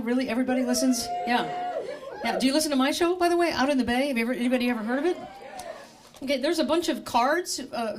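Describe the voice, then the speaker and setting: A woman's voice: on the high side, darkish tone, slight background noise. A middle-aged woman doing stand-up comedy at a live show in a store, wry and chatty, working the crowd with questions.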